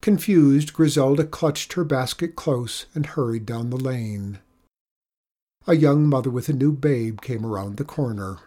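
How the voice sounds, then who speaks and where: A storyteller reads a folk tale aloud with measured, expressive pacing. The voice is husky and sits at a middling pitch. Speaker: narrator. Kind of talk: storybook narration.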